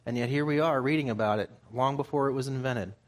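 A man's voice: mid-range voice, fast talker. A man preaching a sermon, reading scripture aloud and explaining it in plain, conversational terms.

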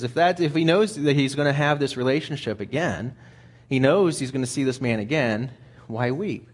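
A man's voice: medium pitch, moderate pace. A man preaching a sermon in a conversational way, often repeating words as he thinks aloud.

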